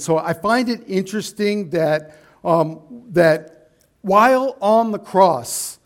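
High-voiced preaching man. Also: measured pace. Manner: preaching with rising, emphatic outbursts. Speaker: pastor. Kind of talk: sermon. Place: church hall with a slide screen.

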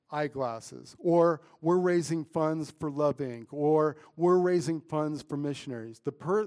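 A man's voice: fairly high pitch, a little mellow. A middle-aged man preaching a sermon in a casual, conversational way, often saying "man" and "right?". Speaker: pastor.

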